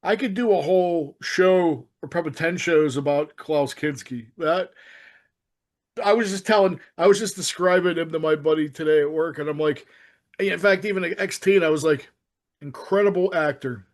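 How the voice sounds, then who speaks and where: A man co-hosting a casual film-discussion podcast, rambling and excitable, swearing often and restarting his sentences. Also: fairly high pitch, normal speed. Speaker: podcast co-host.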